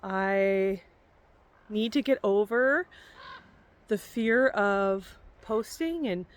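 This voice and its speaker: A woman vlogger chatting casually and unscripted to camera outdoors in a forest, rambling and correcting herself as she goes. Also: mid-range voice.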